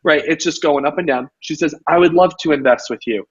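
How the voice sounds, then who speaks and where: A man hosting a casual interview as a real estate coach, telling stories with lots of "you know" and an animated delivery. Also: on the high side, brisk, husky. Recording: dull lo-fi audio.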